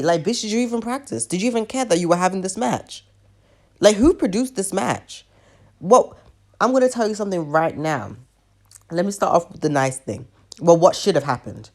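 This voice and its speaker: A woman with a notably low voice delivers a profane, exasperated review vlog. She sounds sick but keeps pushing her complaints with animated frustration. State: sick with covid. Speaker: wrestling reviewer.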